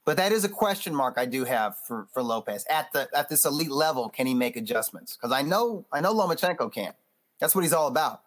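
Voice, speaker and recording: A man who is a boxing magazine editor, chatting loosely as a podcast guest, animated and full of restarts. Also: mid-range voice, brisk. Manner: animated, loose, acts out quotes; frequent restarts and fillers. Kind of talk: casual interview chat.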